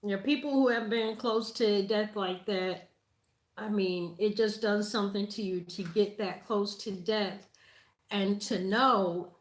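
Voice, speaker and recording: A woman in her forties shares a personal testimony, emotional and halting, often near tears. Her voice sits at an ordinary middle pitch. The room around her rings with echo. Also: steady tone. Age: 40s. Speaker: host.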